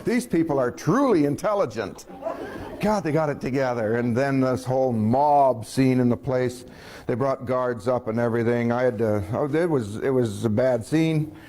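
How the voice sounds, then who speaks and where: A man's voice: medium pitch, normal speed. Guy telling a story from his own life, chuckles a lot, does little voices for the others. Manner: folksy, chuckling, quoting others in lively voices.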